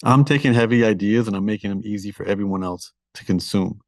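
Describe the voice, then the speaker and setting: A man's voice: lowish voice, quick pace, darkish tone, no room sound, clean studio sound. A man with a Toronto accent, a guest author talking candidly and self-deprecatingly in a casual podcast interview.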